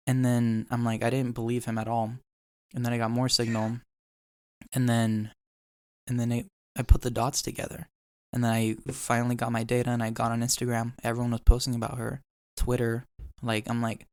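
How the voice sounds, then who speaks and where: Young man telling a sad story, smooth dry voice. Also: mid-range voice, monotone, brisk, no room sound. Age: young adult. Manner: emotional storytelling, swears, quotes people. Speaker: podcast host. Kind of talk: casual chat.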